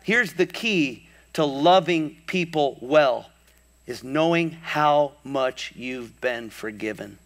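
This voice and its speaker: A man's voice: a little high, expressive, slow. A male pastor preaching a sermon to a live congregation, storytelling with humorous asides and building to impassioned crescendos. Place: church before a live congregation.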